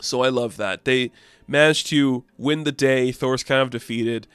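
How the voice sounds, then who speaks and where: Chatty man with a crisp, dry voice. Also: medium pitch, steady tone, measured pace, fairly bright tone, no room sound, soft background music. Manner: chatty, enthusiastic, acts out quotes. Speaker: comic book reviewer. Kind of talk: casual comic recap.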